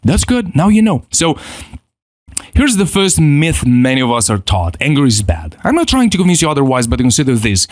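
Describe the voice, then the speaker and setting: A man teaching a self-help lesson in an animated way, acting out quoted inner voices and often repeating himself. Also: mid-range voice, no echo, clean studio sound. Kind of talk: motivational teaching.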